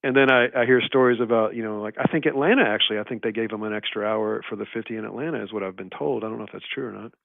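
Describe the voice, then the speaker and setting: A man's voice: fairly low pitch, very fast, gravelly, few pauses, no room sound. Man talking on a tinny line. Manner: rambling storyteller, heavy on "you know" and "like". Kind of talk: casual podcast chat. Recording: tinny phone-like line, dry.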